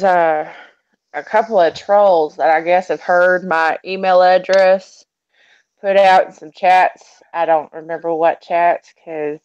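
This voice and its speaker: A woman's voice: lowish voice, a little mellow, smooth, dull audio. A woman from Texas with a Texan accent, chatting casually and telling stories with sweet, cutting sass. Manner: sassy storyteller, sweetly cutting. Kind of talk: casual chat.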